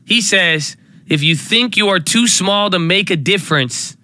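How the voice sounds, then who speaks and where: A man's voice: sits high, measured pace, no room sound. A man hosting a live stock trading stream, talking casually and hyping up his viewers with repeated calls. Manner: hype, energetic, repeats phrases. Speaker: livestream stock trading host.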